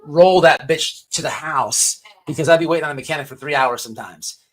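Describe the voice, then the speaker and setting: Male stream host with a somewhat high voice, casual and crude, restarting sentences often. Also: brisk. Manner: rambling with many restarts and stammers. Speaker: livestream host. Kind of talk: casual profane commentary.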